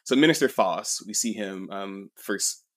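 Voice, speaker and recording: Low-voiced man rambling through a story. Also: animated, unhurried, fairly bright tone, no room sound. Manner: rambling, with many fillers and swearing. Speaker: podcast co-host. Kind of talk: casual chat, retelling a manga chapter.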